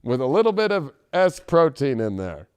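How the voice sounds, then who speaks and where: A man giving a casual tarot reading, profane and joking, bursting into shouts and silly voices. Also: medium pitch, sing-song, normal speed, smooth, no echo. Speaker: tarot reader.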